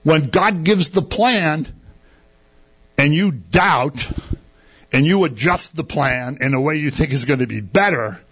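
Slow, husky male preacher. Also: a little high, lively intonation, a bit bright, dull audio. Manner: conversational, asks the congregation rhetorical questions. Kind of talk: sermon.

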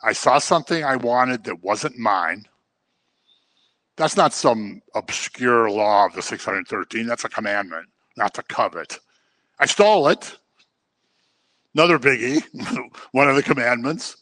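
A man's voice: medium pitch, lively intonation, measured pace, pauses often, bright, forceful tone, no room sound. A man giving a conversational sermon as a pastor, acting out everyday examples to make his points. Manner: conversational teaching with acted-out examples.

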